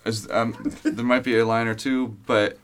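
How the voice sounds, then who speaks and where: A man's voice: mid-range voice, flat delivery, moderate pace, smooth. A man co-hosting a casual podcast chat who laughs often and quotes people in character.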